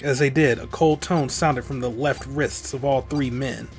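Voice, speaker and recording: A man's voice: medium pitch, fairly even intonation, unhurried, soft background music. A man hosting a let's play, reading a visual novel's text aloud in a dramatic voice and dropping in casual comments. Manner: dramatic read-aloud broken by offhand comments.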